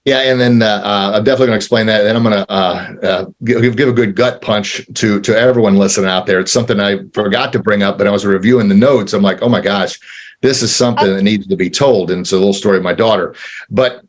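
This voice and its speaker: A man in his forties, an entrepreneur guest, telling a candid personal story in an earnest, halting way with repeated words, getting choked up. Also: on the low side, fairly even intonation.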